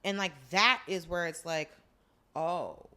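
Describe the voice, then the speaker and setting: Woman, podcast co-host, mid-pitched voice, reflective casual commentary. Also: a little slow, a bit bright. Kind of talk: casual chat recapping a drama.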